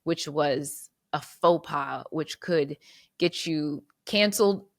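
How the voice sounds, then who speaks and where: A woman's voice: deep voice, takes it slowly, dry recording, clean studio sound. A woman hosting her podcast solo, reflecting earnestly and fighting back tears, with restarts and repeated words. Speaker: podcast host.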